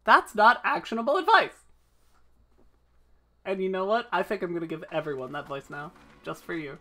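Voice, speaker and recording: A woman's voice: on the low side, lively intonation, moderate pace, fairly bright tone. A woman streaming a video game, chatting casually with her viewers in a playful, teasing way and swearing freely.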